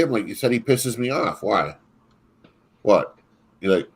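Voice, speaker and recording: A man's voice: on the low side, unhurried, pauses often, fairly bright tone. A man co-hosting a casual chat, telling stories in a rambling way, with frequent restarts and laughs. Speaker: podcast co-host.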